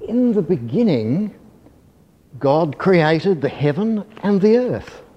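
A man reading a children's story aloud in a gentle, measured, soft-spoken way. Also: sits high, sing-song, highs cut off, slight background noise. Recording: long hall reverb.

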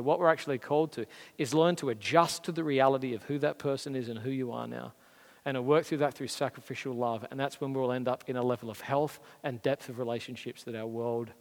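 An Australian man preaches in an earnest, conversational way, leaning hard into key words. His voice sits at a middling pitch. Long reverb from a large church auditorium trails after each phrase. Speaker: pastor. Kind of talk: sermon.

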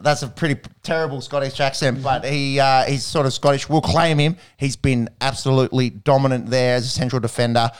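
Smooth-voiced Australian man. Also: mid-range voice, fairly even intonation, fairly quick, hardly any pauses. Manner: chatty, rambling, slangy. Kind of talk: casual sports chat.

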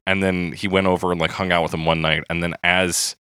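A man with a very low voice and a bright, forceful edge talks through a song with his co-host. He is casual and animated, laughing often. The recording is dry and close. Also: a little fast, clean tone, dry recording. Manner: animated, laughing, reads lyrics aloud. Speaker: podcast co-host. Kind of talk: casual chat about music.

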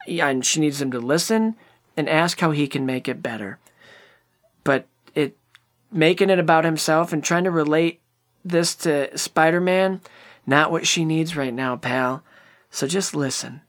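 A podcast co-host giving casual movie commentary in a sarcastic, profane and animated way. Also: mid-range voice, a little slow.

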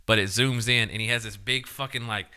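A young man with a very bright, clear, smooth voice that sits a little low, swearing his way through crude podcast banter. He tells blunt stories and laughs at his own jokes. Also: fairly even intonation, fairly quick. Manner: profane, blunt, laughing storyteller. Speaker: podcast co-host.

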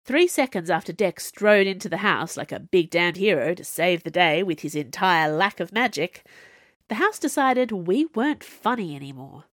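A woman's voice: medium pitch, no room sound, studio quality. A woman reading an audiobook in a wry, conversational narrating voice. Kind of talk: scripted narration.

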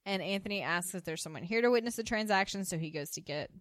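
A woman's voice: mid-range voice, fast talker, a bit bright, dry recording, clean studio sound. A woman co-hosting a podcast, casually recapping a TV episode in a chatty storytelling way, full of "like.". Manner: chatty storytelling, heavy use of "like". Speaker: podcast co-host.

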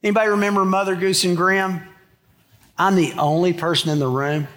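A man's voice: high voice, steady tone, a little fast, fairly bright tone. A middle-aged man preaching a sermon in a church, conversational, with joking asides to the congregation. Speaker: pastor. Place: church sanctuary.

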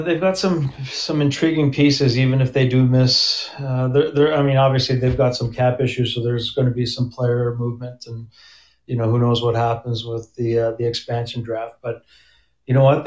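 A man speaks as a hockey coach in a loose, conversational way, circling back and restarting his sentences. His voice stays flat and even in pitch. The audio sounds roomy and slightly muffled. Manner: conversational, frequent restarts and fillers. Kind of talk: casual sports interview. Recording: roomy, dull remote audio.

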